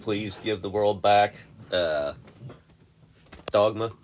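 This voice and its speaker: A man in a casual podcast chat about movies, breaking in with halting jokes. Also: lowish voice, slight background noise.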